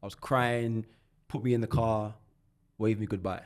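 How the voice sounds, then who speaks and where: A man in his twenties with a London accent, a podcast guest telling his life story in animated, slang-heavy talk, often restarting and repeating words. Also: lowish voice, normal speed. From London, England. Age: 20s.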